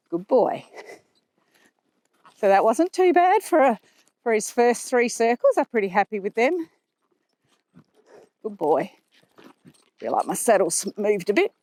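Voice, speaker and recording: A woman horse trainer explaining her riding aids as she rides, calm and explanatory, with soft praise for the horse in between. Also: medium pitch. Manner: talking while riding a horse. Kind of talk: instructional commentary while riding. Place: riding arena.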